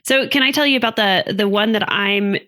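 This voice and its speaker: A woman's voice: mid-range voice, brisk, pushed and bright. A woman who co-hosts a marriage therapy show, explaining in a conversational way with fillers. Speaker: marriage therapist and podcast co-host. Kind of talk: casual chat.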